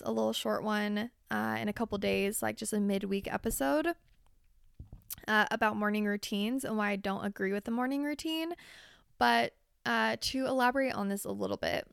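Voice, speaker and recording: A woman's voice: on the high side, creaky, smooth, dry recording, studio quality. A woman hosting a podcast, talking candidly and confessionally in a chatty way and swearing casually. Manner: chatty, with frequent fillers. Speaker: podcast host. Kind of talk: casual solo podcast monologue.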